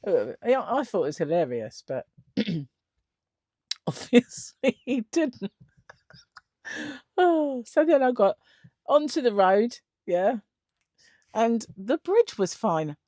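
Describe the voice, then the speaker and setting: Woman, middle-aged, casual storytelling, lively rising and falling voice, dry close sound. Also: a little high, takes it slowly, long pauses, no echo. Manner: chatty, laughs often, acts out the other people in her stories. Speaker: vlogger.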